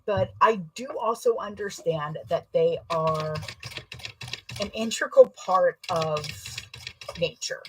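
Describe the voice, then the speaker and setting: A young adult woman chatting casually while sewing, telling rambling, self-deprecating stories with a husky voice. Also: medium pitch, slight background noise, poor audio. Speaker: sewing vlogger.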